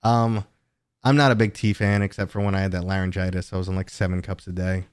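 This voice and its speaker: A man's voice: fairly even intonation, quick pace, clear, resonant tone, no echo, studio quality. A man hosting a casual live stream, rambling through viewer questions with lots of tangents and fillers. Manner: jumps to a much higher, louder pitch when greeting viewers.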